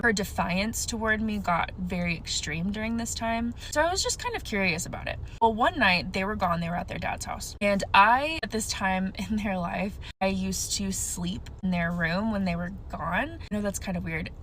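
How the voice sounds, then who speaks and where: A woman's voice: mid-range voice, fairly bright tone. Mom storyteller, conversational, faint hiss behind her voice. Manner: conversational, laughs off her own asides. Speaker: mother telling a story. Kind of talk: casual first-person ghost story.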